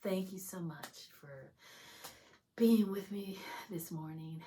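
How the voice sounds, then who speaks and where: A woman sharing a religious testimony and leading a prayer, chatty and full of fillers, swinging from exuberant praise to hushed whispers. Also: on the low side, slow pace. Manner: exuberant, shifts between loud excitement and hushed whispers; chatty, many fillers like "you know". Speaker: video host sharing testimony.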